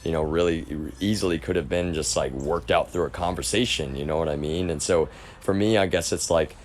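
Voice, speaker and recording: A man's voice: sits low, brisk, slight background noise. A young man, talking in a long, rambling monologue on a live stream. He repeats himself, restarts his sentences and leans hard on emphasis. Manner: repetitive, restarts often, emphatic.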